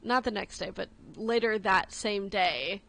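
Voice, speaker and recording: A woman's voice: mid-range voice, unhurried, gravelly, fairly bright tone. Giggly woman chatting on studio radio. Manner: chatty, self-deprecating, giggly. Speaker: radio co-host. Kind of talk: casual studio chat.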